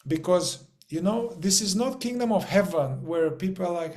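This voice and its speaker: A man's voice: high-pitched, normal speed, hardly any pauses, darkish tone. A man teaching a group in an informal spiritual talk, rambling, repeating words and swearing casually.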